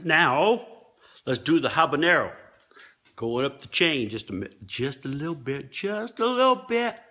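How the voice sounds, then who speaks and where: A man casually reviewing fast food on camera, tasting and commenting between bites. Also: mid-range voice, expressive, sharp tone, husky.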